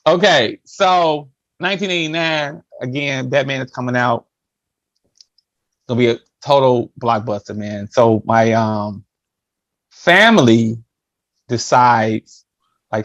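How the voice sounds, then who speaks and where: A man telling a personal story in a casual chat, animated and acting out voices. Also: takes it slowly, long pauses, no echo, lo-fi sound. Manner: animated, acts out his younger self in a higher voice. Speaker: podcast guest.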